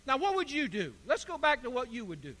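A man's voice: very high-pitched, wildly swooping pitch, quick pace, pushed and bright. A man preaching a sermon as pastor, building to emphatic bursts. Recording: echoey hall.

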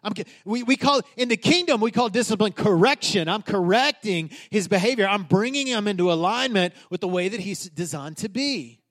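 A man's voice: high voice, lively intonation, normal speed, few pauses, a bit bright. A man in his thirties, a pastor preaching a sermon in a casual, emphatic way, often restarting his sentences.

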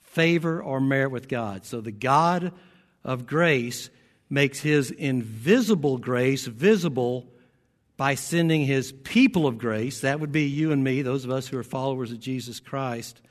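A man's voice: mid-range voice, unhurried, in a large hall. A man preaching a sermon as pastor. He tells stories in between and builds to emphatic exhortation. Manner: storytelling, rising to emphatic preaching.

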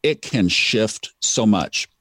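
Reflective male podcast guest, low-pitched, dry close sound. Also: animated, slow pace, fairly bright tone, no echo. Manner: reflective, sermon-like repetition. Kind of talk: casual conversation.

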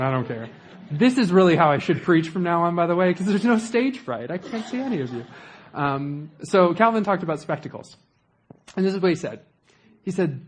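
A man's voice: a little high, lively intonation, fairly quick, husky. A young man preaching a sermon in a conversational way, with joking asides to the congregation.

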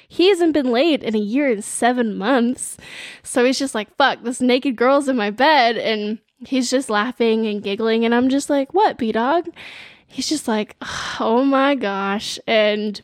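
A young woman co-hosting a podcast, telling a story in casual chat with a lively, filler-heavy manner. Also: on the high side, no room sound, clean studio sound. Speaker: podcast co-host.

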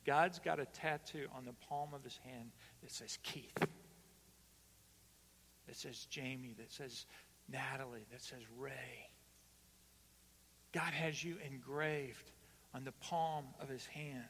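A pastor preaching a sermon to his congregation, swinging between loud emphatic calls and hushed, slow lines. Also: medium pitch, steady tone, a little hiss or hum. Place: church hall. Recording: long reverb of a church hall.

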